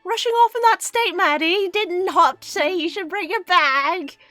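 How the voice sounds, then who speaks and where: A woman's voice: very high-pitched, a little slow, pushed and bright, dry recording, soft background music, voice pushed up, heavily acted. A woman voicing a fussy, chatty mother in a video game, in an exaggerated put-on British accent. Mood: fussing. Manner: exaggerated, giggling.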